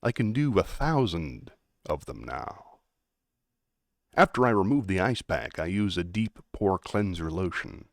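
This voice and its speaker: Brief: a man playing a cold, too-controlled young killer, flat and measured, a bit lower than his own voice. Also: no echo, studio quality. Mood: cold, detached. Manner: flat, measured, trying too hard to sound normal.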